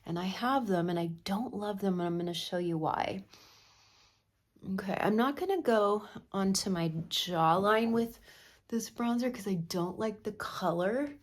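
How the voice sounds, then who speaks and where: A woman's voice: mid-range voice, unhurried. A middle-aged woman talks through a makeup tutorial in a casual, chatty way. She gives her opinions freely as she works on her face. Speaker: makeup artist.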